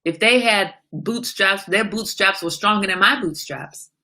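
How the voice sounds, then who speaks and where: A woman's voice: mid-range voice, measured pace, bright, forceful tone. A woman hosting a casual livestream, talking emphatically and asking rhetorical questions, like a small sermon. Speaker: livestream host.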